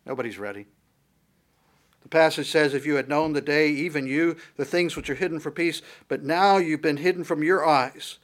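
Man preaching with a somewhat high voice. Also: moderate pace. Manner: rhetorical questions, preaching cadence. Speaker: pastor. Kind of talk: sermon.

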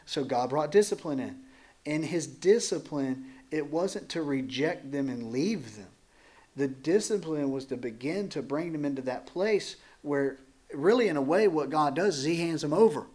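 At a moderate pace and with a somewhat high voice, a man preaches to his church, teaching scripture conversationally. He brings the text to life by acting out characters' lines and bantering with the congregation in an animated way.

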